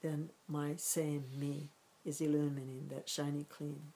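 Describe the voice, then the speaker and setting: Low-voiced woman gently teaching meditation. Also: level tone, unhurried, poor audio. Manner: gentle, reflective, repeats and rephrases while searching for words. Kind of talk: spiritual teaching talk.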